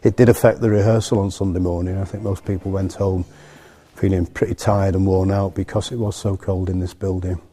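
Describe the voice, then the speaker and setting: Low mellow-voiced theatre manager. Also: male voice, little pitch movement. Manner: plain, halting explanation with fillers.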